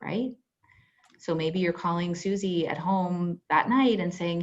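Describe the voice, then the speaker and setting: A woman workplace trainer talks through a webinar in a loose, conversational way, full of "you know" and little acted-out dialogues. Her voice sits on the low side. The call audio is dull and lo-fi. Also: a little slow. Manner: conversational, filler-heavy, acts out example dialogue. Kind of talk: webinar presentation. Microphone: video call.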